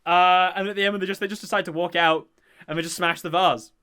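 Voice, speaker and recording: A man talking fast in a bright, forceful voice that sits a little high. He hosts a casual, rambling chat, full of fillers and eager asides. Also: steady tone, smooth. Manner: enthusiastic, rambling, many fillers. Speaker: podcast host. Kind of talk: casual chat about a TV show.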